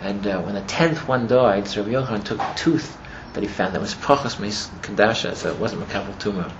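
A man teaching a class as he retells a story, rambling and filling his talk with "you know", and growing animated as the story builds. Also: lowish voice, fairly quick. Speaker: religious teacher. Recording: muffled with steady background noise.

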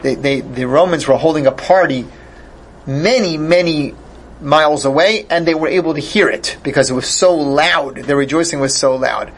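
A man's voice: fairly high pitch, moderate pace. A man teaching a Torah class, explaining each Hebrew phrase in English and restarting sentences as he thinks aloud. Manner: thinks aloud, with repeated starts.

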